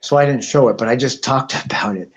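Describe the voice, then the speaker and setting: A man's voice: medium pitch, fast. A man hosting a live stream, telling rambling profane stories in a casual chat. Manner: crude, rambling, animated storyteller. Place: home, outdoors nearby.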